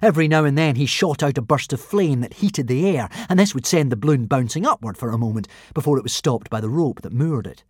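Expressive man reading a storybook. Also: medium pitch, a little fast, few pauses, husky, no echo, clean studio sound. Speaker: audiobook narrator. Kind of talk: scripted storybook narration.

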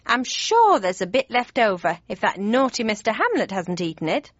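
A woman voicing a kindly, fussy older mother with a high, fluttery manner in an audiobook. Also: big pitch swings, moderate pace, no room sound. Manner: high, fluttery, cheerful fussing. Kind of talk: audiobook character voice. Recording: dry, slightly dull studio read.

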